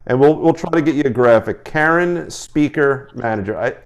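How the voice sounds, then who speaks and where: Um homem que apresenta uma entrevista casual por chamada de vídeo e fala com entusiasmo, recomeçando as frases. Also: male voice, mid-range voice, lo-fi sound. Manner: enthusiastic, talks in quick restarts. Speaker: interview host. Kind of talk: casual video-call interview. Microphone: video call.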